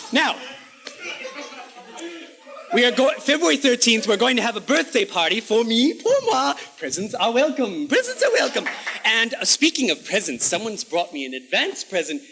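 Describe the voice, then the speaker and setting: With a crowd in the background, a man hosting a comedy cable show performs a campy, haughty monologue in a mock-aristocratic manner, dropping in affected French phrases. His voice sits high and expressive, moving at normal speed with frequent pauses.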